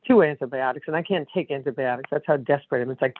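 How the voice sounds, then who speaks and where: A worn-down woman calling into a support group from her apartment, talking in a weary, halting way and breaking off mid-sentence. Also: sits low, a little hiss or hum. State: worn down, emotionally drained. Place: condo apartment. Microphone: phone. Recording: tinny phone line.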